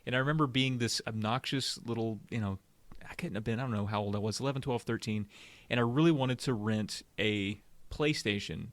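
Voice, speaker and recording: A man's voice: lowish voice, fairly bright tone, dry recording. A man co-hosting a casual podcast, telling stories in an easygoing way and laughing often. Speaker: podcast co-host. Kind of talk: casual storytelling chat.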